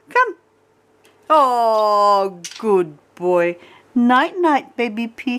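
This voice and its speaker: A woman's voice: fairly high pitch, big pitch swings, very slow, fairly bright tone. A woman at home, talking baby talk to her pet bird in a cooing, sing-song, coaxing way. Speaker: pet owner.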